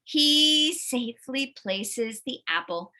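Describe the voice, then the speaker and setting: A woman teacher reading a storybook to children, with lively sound effects and questions to the listeners. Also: high voice, takes it slowly. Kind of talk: storybook read-aloud for children.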